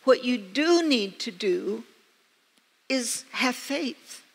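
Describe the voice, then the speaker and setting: An older American pastor's fairly high, breathy-edged voice stays animated as she draws out her words in a sermon. Telling personal stories with earnest, emphatic repetition, she preaches in a church sanctuary where long reverb hangs in the air.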